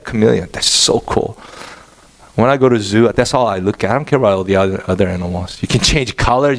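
Animated pastor preaching, man. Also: medium pitch. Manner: animated, asks the congregation questions. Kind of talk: sermon.

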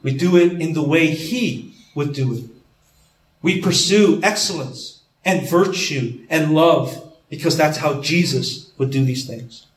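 A man's voice: on the high side, measured pace. A man preaching a sermon, earnest and questioning, often repeating his words as he goes. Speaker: pastor. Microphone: camera. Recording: roomy echo.

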